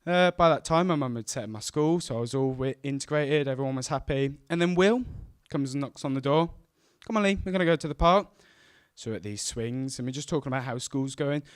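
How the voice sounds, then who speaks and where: Man telling a lively true story. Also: medium pitch, fairly quick, hardly any pauses, clear, resonant tone, no room sound, clean studio sound. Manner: acts out quoted voices, shouting and mimicking. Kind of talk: live storytelling.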